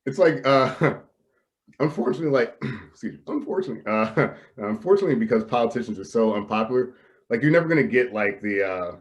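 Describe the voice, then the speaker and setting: A man's voice: mid-range voice, lively intonation, brisk, muffled recording. A young man hosting a podcast over a video call, rambling casually with many fillers and frequent laughter. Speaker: podcast host. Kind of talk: casual comedic chat.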